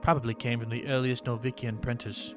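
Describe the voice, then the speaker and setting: A man playing a game demo who reads its narration aloud and breaks off into quick, dramatic reactions. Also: medium pitch, level tone, music in the background. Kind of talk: let's-play commentary, reading game text aloud.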